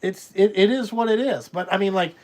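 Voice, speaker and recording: A man's voice: high voice, a little fast. A man who runs a trucking business, talking in a blunt, rambling way and swearing freely in casual podcast conversation. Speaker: trucking company owner.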